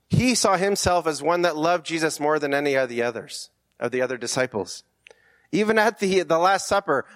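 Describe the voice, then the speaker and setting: A man's voice: fairly high pitch, fairly bright tone. A man preaching a conversational sermon, earnest, with rhetorical questions and frequent restarts.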